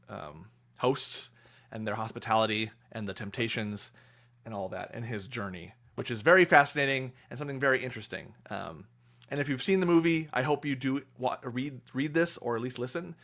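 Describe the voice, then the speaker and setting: Young guy wrapping up a book stream, halting and full of uhs, mid-range voice. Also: mid-range voice, a bit bright. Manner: hesitant, many fillers and restarts. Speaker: streamer reading a book aloud. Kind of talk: casual livestream chat.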